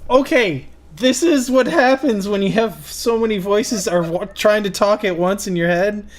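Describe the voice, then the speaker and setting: A man's voice: high-pitched, moderate pace. A man streaming as a cartoonist, chatting casually while he draws, joking and laughing often.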